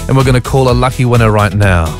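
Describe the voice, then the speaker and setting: A man's voice: medium pitch, quick pace. A man hosting a drive-time radio show, chatty and upbeat, over a faint music bed. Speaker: radio host.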